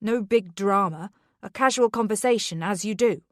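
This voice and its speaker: A woman's voice: mid-range voice, normal speed, no room sound, clean studio sound, natural voice. A woman narrator voicing an irritated, evasive husband who talks in a dismissive, hissing way.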